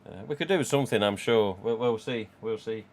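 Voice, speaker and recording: A man's voice: on the low side, brisk. A man, casually chatting and rambling on a live stream from home. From England. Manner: rambling, chatty, reads out chat.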